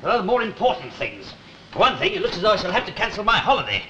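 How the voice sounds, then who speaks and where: A man's voice: sits high, big pitch swings, fast, echoey room, highs cut off, background noise. An actor playing an exasperated, put-upon man in a 1960s British sitcom, wry and blustering. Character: exasperated middle-aged man with an unruly dog. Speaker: Mister Hunt, sitcom lead.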